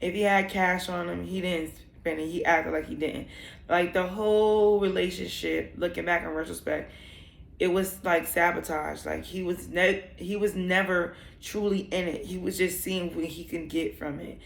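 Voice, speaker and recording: A woman's voice: fairly low pitch, steady tone, normal speed, vocal fry, roomy sound. A young woman telling a personal story in a vlog, candid and emotional, rambling with many fillers. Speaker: vlogger.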